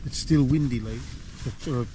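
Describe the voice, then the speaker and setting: A man's voice: medium pitch, normal speed, dark tone. An older man chatting casually as he films his wild camp, rambling and poking fun at himself. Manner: rambling, self-deprecating, chatty. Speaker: wild camping vlogger. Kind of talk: casual outdoor vlog. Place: windy hillside campsite outdoors. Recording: wind noise outdoors.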